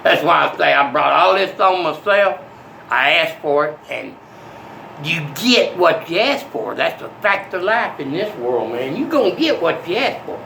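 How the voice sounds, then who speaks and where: An older man in a rambling monologue that swings from soft to menacing. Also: a little high, sing-song, measured pace, creaky, slight background noise, rough recording.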